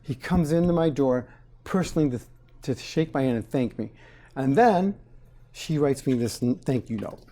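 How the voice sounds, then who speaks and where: A man in his forties speaks as a dentist guest in a casual interview, with a warm, mellow tone. He explains things plainly and slips into little acted-out quotes of patients and staff, like an animated storyteller. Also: mid-range voice, normal speed.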